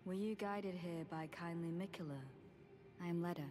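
An actress playing a devout female warrior guide who speaks in a measured, formal way, heard as game audio. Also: fairly low pitch, fairly even intonation, a little mellow, natural voice. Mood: solemn. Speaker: game character. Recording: game audio with music behind. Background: music.

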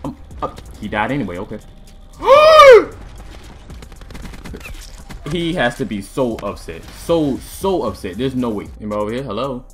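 A young man giving excited gameplay commentary as a gaming video host, loud and jumpy, repeating himself in bursts. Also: medium pitch, fast talker, hardly any pauses. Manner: hyped, loud outbursts, repeats phrases, laughing. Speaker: gaming YouTuber. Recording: faint music and gunfire behind.

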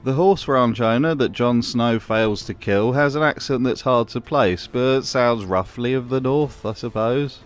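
A man's voice: medium pitch, a little slow, few pauses. A man narrating a wry commentary voice-over in a dry, sardonic manner. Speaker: video narrator.

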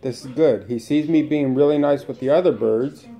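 At home in a room with his birds, a man casually narrates a video about his pet parakeets, coaxing one bird in a high sing-song. His own voice has a dark tone and moderate pace.

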